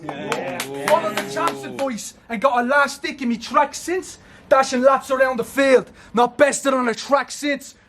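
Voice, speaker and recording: A man with a Dublin accent performing rap battle verses at an outdoor event, brash and cocky, shouting his punchlines. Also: very high-pitched, steady tone, measured pace, faint music behind. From Ireland. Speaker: battle rapper.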